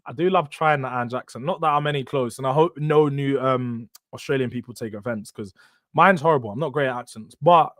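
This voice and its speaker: A man's voice: medium pitch, fairly quick, no room sound, clean studio sound. A young man hosting a live football stream, ranting animatedly with slang and swearing. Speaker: football channel host.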